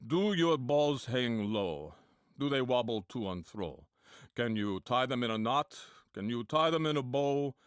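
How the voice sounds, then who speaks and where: A man voicing a solemn commercial testimonial giver, speaking slowly and gravely. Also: medium pitch, animated, no room sound, studio quality, close to an everyday voice. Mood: mock-solemn. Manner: slow, mock-solemn delivery.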